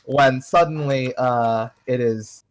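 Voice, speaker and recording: A man's voice: mid-range voice, slow, clean tone, poor audio. A man narrating a tabletop game as game master, talking in a loose, rambling way and swearing freely.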